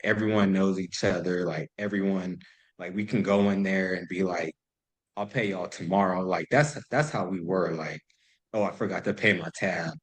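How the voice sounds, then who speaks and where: A man in his thirties, guesting on a podcast, tells stories in a low-pitched voice on a rough recording. His casual chat is loose and profane, packed with "like".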